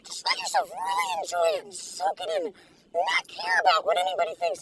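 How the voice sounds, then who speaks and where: An older woman reviews food casually from inside a parked car, gushing, giggling, and exclaiming as she goes. Her gravelly voice swings widely in pitch and is animated and fairly quick. She sits a little away from the mic, with faint vehicle noise behind her.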